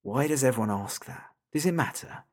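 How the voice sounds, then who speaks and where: A man voicing a sinister unseen entity speaking through a toy phone, slow, soft and mocking, in an audiobook story. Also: mid-range voice, expressive. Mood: menacing. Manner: taunting, soft and slow, drawing out the listener's name. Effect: tinny and thin through a phone.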